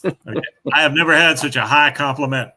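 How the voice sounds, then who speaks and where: A man's voice: fairly high pitch, a little fast, background noise. An older man, a guest author, chatting casually and telling stories with frequent laughter. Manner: chatty storyteller, laughs often. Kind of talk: casual chat.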